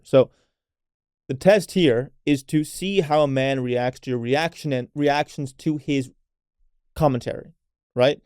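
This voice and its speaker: Mellow-voiced man coaching unfiltered. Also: mid-range voice, measured pace, long pauses, clear, resonant tone, no echo, clean studio sound. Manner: unfiltered, swears freely, frequent "right?" tags; coaching tone addressed to women listeners. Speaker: podcast host. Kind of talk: casual solo podcast talk.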